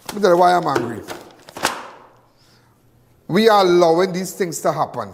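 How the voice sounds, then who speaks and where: A high-pitched man rants angrily on a live crime show, repeating himself and restarting his sentences. His voice rings with a long hall reverb. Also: lively intonation, moderate pace, vocal fry, long pauses, background noise. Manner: angry, repetitive, stumbling restarts. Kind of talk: impassioned live TV commentary.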